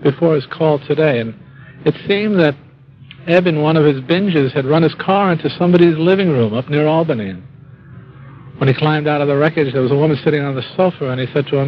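A man telling a personal story in a wry, dry-humored way, with halting restarts. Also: fairly high pitch, lo-fi sound. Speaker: speaker telling his life story. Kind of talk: storytelling talk.

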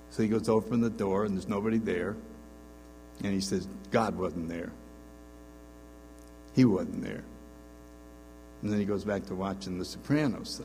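A man speaking to a retreat group, telling stories and acting out their dialogue with lively shifts of voice. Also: fairly low pitch. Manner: animated, acts out dialogue in the stories. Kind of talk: storytelling talk to a group. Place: meeting room with an audience. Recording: long reverb, faint mains hum.

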